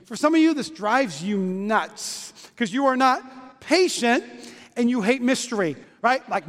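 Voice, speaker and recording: A man preaching a lively sermon, joking with volunteers onstage in quick bursts. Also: extremely high pitch. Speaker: pastor. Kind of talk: lively sermon with stage demonstration. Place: church auditorium. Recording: long reverb of a church hall.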